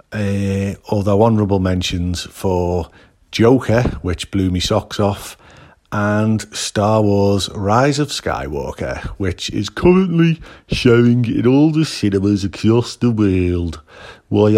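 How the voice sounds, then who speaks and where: A man's voice: lowish voice, darkish tone. A man with an English accent, sending in a rambling, jokey message as a guest contributor. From England. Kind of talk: casual recorded message.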